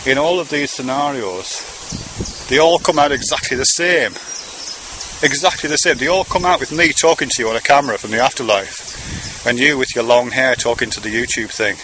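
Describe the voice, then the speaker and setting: A man's voice: mid-range voice, moderate pace, noisy background. A man talking to his son in a meandering, conversational monologue, swearing casually now and then. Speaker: father speaking to his son. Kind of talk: rambling monologue to camera.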